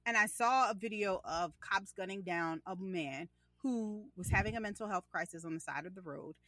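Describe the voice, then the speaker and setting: A young woman in casual conversation as a podcast co-host, telling animated stories and acting out her child's lines. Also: medium pitch, normal speed, no room sound.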